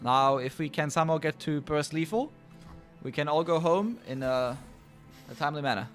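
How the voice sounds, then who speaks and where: A man giving relaxed play-by-play commentary on a card game tournament. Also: fairly high pitch, normal speed, faint music behind. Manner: relaxed play-by-play, calls the action. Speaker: esports caster.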